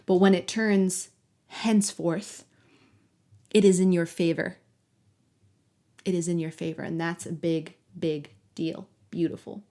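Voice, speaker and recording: A woman giving a collective tarot reading, talking softly and affectionately to the viewer and sometimes dropping to a whisper. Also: mid-range voice. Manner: soft, affectionate, talks directly to the viewer. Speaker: tarot reader.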